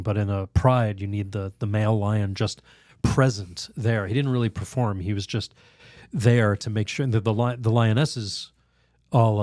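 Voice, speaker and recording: A priest telling a lively story in a podcast interview, laughing often, acting out other people's voices, with halting restarts. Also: male voice, lowish voice, no echo, clean studio sound. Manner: animated, laughs often, acts out quoted voices. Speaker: priest guest.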